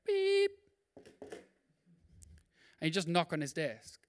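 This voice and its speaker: A male pastor preaching a sermon in a lively, conversational way, with quick asides and acted-out quotes. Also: fairly high pitch.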